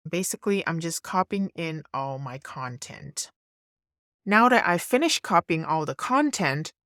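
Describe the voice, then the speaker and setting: A woman narrating a screen-recorded design tutorial, thinking aloud in a relaxed way as she works. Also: lowish voice, no room sound, clean studio sound.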